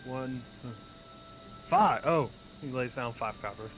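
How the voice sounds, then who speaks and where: A man's voice: mid-range voice, takes it slowly, poor audio. A man playing in a tabletop game, hesitant and thinking aloud. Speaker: player. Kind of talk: casual tabletop game chat. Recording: music behind.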